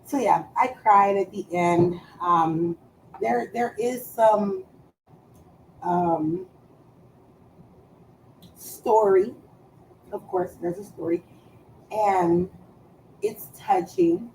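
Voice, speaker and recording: A woman's voice: mid-range voice, extremely slow, long pauses, a little mellow, slight background noise, low-quality recording. A woman streaming live, chatting casually in a profane, teasing way and drawing out words for emphasis.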